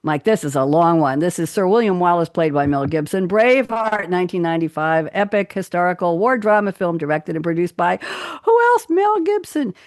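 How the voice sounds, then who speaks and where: A woman's voice: lowish voice, brisk, hardly any pauses, no room sound. A woman hosting a live talk show, chatty and upbeat, speaking into a studio microphone. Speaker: host.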